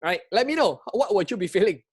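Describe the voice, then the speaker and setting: A fast-talking travel vlogger with a high, slightly breathy voice and a Singaporean English accent excitedly tells a travel story to camera. He's chatty, asks viewers questions, and laughs and restarts often.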